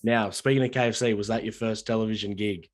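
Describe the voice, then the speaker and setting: A man hosting a casual interview, giving short questions and quiet agreement. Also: lowish voice, fairly even intonation, fast talker. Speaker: host.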